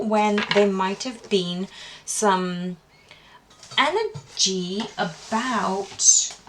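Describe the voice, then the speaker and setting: A woman's voice: medium pitch, a little hiss or hum. Earnest woman reading tarot cards. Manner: calm, earnest spiritual tone, asking Spirit questions aloud. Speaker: tarot reader. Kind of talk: tarot card reading to camera.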